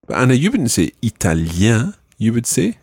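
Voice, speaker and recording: A male language teacher leading a spoken lesson, patiently modelling words slowly and clearly. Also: mid-range voice, huge pitch swings, darkish tone, dry recording, clean studio sound.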